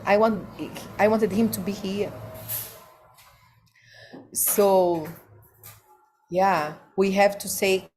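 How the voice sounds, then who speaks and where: Slow, emphatic woman giving a devotional class. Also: mid-range voice, a little mellow. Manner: slow, emphatic, rhetorical questions, non-native phrasing. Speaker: spiritual teacher.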